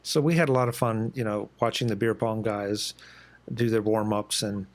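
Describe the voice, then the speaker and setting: A man from the East Coast of the United States hosting a casual interview on a video call, relaxed and chatty as he tells a story. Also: fairly low pitch, normal speed. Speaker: podcast host.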